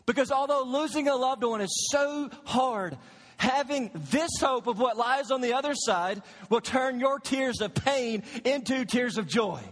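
A man in his thirties preaches to his congregation with a high voice. He tells stories, dropping to quiet tones and then climbing to loud, emphatic lines. The sanctuary carries a long, lingering reverb. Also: measured pace. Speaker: pastor. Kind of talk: sermon. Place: church sanctuary.

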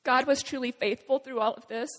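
A woman telling a personal testimony in an earnest, halting way, with dramatic pauses. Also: sits high, steady tone, big-room sound. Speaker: speaker sharing a personal testimony. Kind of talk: emotional spoken testimony.

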